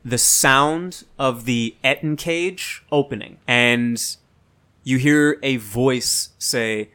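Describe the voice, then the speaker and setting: A man running a tabletop game as game master, narrating in a relaxed, laughing way. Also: mid-range voice, slow pace, smooth.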